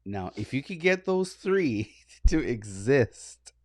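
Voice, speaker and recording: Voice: mid-range voice, takes it slowly, no room sound, clean studio sound. A podcast co-host in casual chat who laughs a lot while telling stories. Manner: laughs a lot, lively rise and fall.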